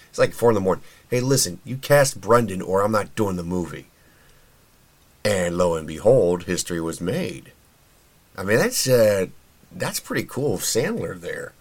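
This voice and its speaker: Talking on his own podcast, a low-voiced man offers loose, opinionated commentary, chatting away with lots of filler words and frequent restarts.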